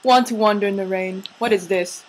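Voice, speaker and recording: A woman's voice: mid-range voice, natural voice, low-quality recording. Woman doing a haughty fake-English lady. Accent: put-on English. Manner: haughty, halting, fishing for words.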